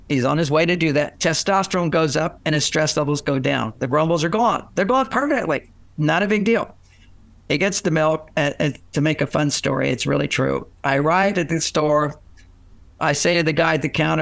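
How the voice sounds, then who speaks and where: An older man, a relationship author being interviewed, telling anecdotes in lively conversational style and acting out quoted voices with many restarts. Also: a little high, gravelly, no echo. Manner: animated, acts out quoted voices, frequent restarts.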